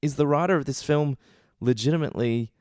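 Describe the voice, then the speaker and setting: A man's voice: fairly high pitch, fairly quick, a little mellow, no echo, studio quality. A man co-hosting a casual film podcast, rambling and restarting his sentences, swearing now and then. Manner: rambling, self-interrupting, swearing. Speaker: podcast co-host. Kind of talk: casual chat about a film.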